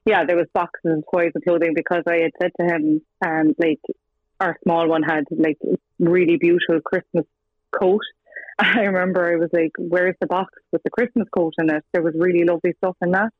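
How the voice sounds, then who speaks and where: A woman's voice: on the low side, level tone, moderate pace, no room sound. Irish woman talking over a tinny phone line. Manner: chatty storytelling, acts out quoted dialogue, laughs between lines. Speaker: guest, former partner of the subject. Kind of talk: casual interview over the phone.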